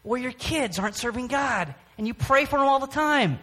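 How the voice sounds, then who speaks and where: Man, church testimony, halting, high voice, many restarts. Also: lively intonation, bright, forceful tone. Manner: halting, with frequent restarts and pauses. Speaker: church speaker. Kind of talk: personal testimony sermon.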